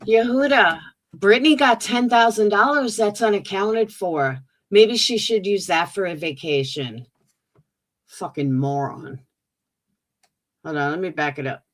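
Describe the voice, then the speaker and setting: A woman's voice: mid-range voice, a little slow. A woman streamer giving sarcastic, mocking commentary on clips.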